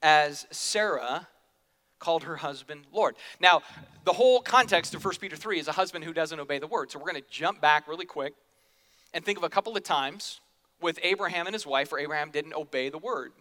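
A man's voice: a little high, fairly quick, pushed and bright. A man preaching a sermon in a casual, joking way, slipping into quoted voices, in a church hall. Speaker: pastor. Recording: long hall reverb.

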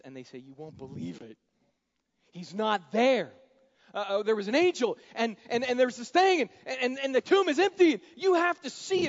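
A man preaching a sermon, animated, acting out scripture characters in shifting voices. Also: high voice. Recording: dull sound with long hall reverb.

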